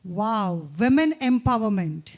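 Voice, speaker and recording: A woman emceeing a campus event, upbeat and coaxing, rattling off tongue twisters quickly. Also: mid-range voice, lively intonation, a little mellow. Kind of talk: lively stage hosting.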